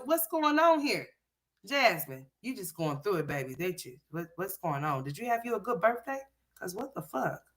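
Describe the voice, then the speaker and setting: Sassy bright-voiced woman roasting a vlog. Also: on the high side. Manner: sassy, scolding, talks back at the screen. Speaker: commentary host reacting to a vlog. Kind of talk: profane reaction commentary.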